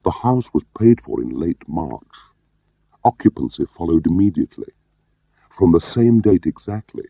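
A man narrating an audiobook in a measured, understated way. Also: very deep voice, creaky, dark tone, husky, dry recording. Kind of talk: scripted narration. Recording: dull lo-fi audio.

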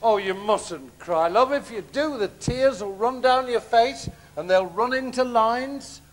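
A man's voice: very high voice, unhurried. A man playing a bumbling, kindly pantomime father who makes puns and muttered asides in a live stage comedy. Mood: doting. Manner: gentle, punning, mumbling asides. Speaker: comic actor. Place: theatre stage.

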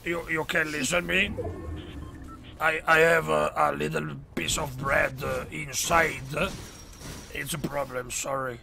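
An Italian man chatting while gaming, in halting broken English with many pauses. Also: fairly high pitch, little pitch movement, vocal fry, over music. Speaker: gaming YouTuber. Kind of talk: casual game chat.

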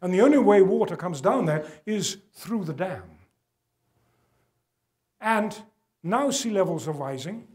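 An older man giving a public lecture, earnest and emphatic, dropping his voice low to press home a point. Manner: earnest, emphatic, drops to quiet for weight. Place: gala event hall.

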